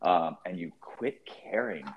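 A man's voice: low-pitched, lively intonation, slow pace, dull audio, a crowd in the background. A man co-hosting a podcast, telling a laid-back, profane anecdote in casual chat. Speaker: podcast co-host. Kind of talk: casual storytelling.

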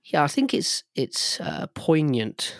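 A man's voice: on the high side, huge pitch swings, takes it slowly, creaky, no echo, clean studio sound. A man co-hosting a sports podcast, talking enthusiastically in a rambling way, with lots of fillers and restarts. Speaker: podcast co-host. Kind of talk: casual sports chat.

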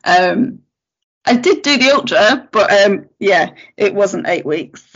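A woman's voice: mid-range voice, slow, slightly rough. A woman, a podcast guest, telling a story in casual chat, acting out what people said and laughing often. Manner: animated, acts out quotes, laughs often. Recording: lo-fi podcast audio.

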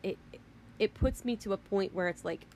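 A woman's voice: medium pitch, moderate pace, darkish tone, a little hiss or hum. Woman ranting in a rambling, emphatic way. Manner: emphatic, rambling, repeats herself. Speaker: vlogger. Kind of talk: ranting monologue.

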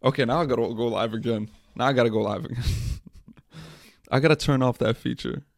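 A man's voice: medium pitch, a little fast, gravelly, dry recording, clean studio sound. A young man hosting his own podcast over a livestream, talking casually, swearing and mocking himself. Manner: frustrated, profane, self-mocking. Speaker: podcast host.

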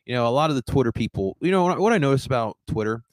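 A man's voice: medium pitch, lively intonation, rapid-fire, no room sound. A man hosting a casual soccer fan show, talking in a rambling way with many restarts. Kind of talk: casual chat commentary.

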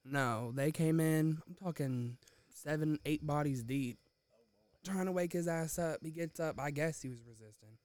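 Young man with a slightly high voice. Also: moderate pace. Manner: profane, animated retelling. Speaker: podcast co-host. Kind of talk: casual chat.

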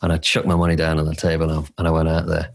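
A man's voice: extremely low pitch, monotone, very fast, vocal fry. A middle-aged man, a coach, telling his story in a candid, emotional, self-deprecating conversational way.

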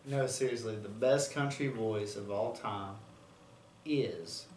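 A man's voice: fairly low pitch, takes it slowly, darkish tone. A laid-back man co-hosts a casual show in slangy banter. He is heard from a distance in an echoey room, with faint noise behind him. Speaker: podcast co-host. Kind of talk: casual chat.

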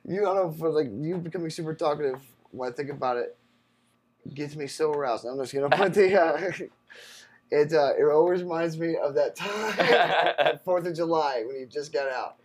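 Husky, laughing podcast co-host guy. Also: on the high side, normal speed. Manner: laughing, profane storytelling with exaggerated impressions. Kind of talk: casual chat between friends.

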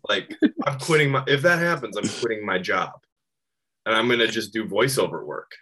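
Hoarse man in his thirties. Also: expressive, a little fast, pushed and bright. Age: 30s. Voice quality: low, husky voice. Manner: rambling, lots of fillers. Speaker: podcast co-host. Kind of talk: casual chat.

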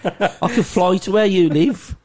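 A man's voice: high-pitched, measured pace, crowd noise. A man co-hosting a podcast in casual chat, trading mocking, sweary banter. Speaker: podcast co-host.

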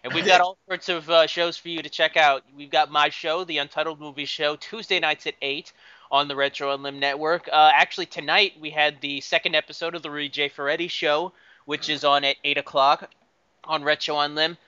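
A man's voice: on the high side, level tone, a little fast, sharp tone, smooth, no room sound. A man on a casual podcast chatting about his network's shows. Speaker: podcast panelist. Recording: dull lo-fi dry sound.

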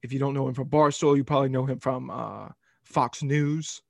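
A young man hosting a sports podcast, telling a rambling, animated story in casual talk. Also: medium pitch, normal speed, gravelly, no echo.

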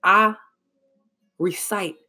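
A man's voice: high-pitched, steady tone, drawn-out words, sharp tone. A man talking casually and emotionally to his viewers, reflective, with sighs, slang and restarts. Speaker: vlogger. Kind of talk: casual heartfelt monologue.

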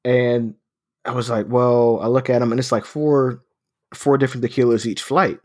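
A man's voice: mid-range voice, steady tone, normal speed. A man in his thirties telling a story in casual chat, swearing often and laughing as he talks. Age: 30s. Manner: profane, laughing anecdote telling.

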